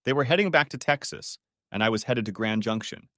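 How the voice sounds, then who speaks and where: A man reading a first-person story audiobook as narrator, with steady storytelling. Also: medium pitch, a little fast, no echo, clean studio sound.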